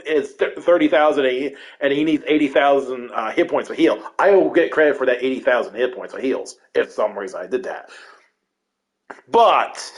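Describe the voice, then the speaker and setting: Man, casual gameplay commentary, profane, rambling, bouncy pitch. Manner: animated, swears constantly, rambling storytelling. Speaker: gamer recounting raid stories.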